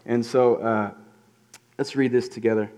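A man's voice: medium pitch, fairly even intonation, unhurried, darkish tone, clean tone. A man preaching a casual sermon in a conversational way, acting out quotes in voices. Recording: reverberant hall.

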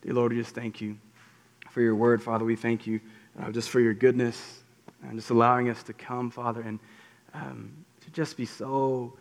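A man, a pastor leading a soft, halting closing prayer. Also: mid-range voice, flat delivery, creaky. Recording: long hall reverb.

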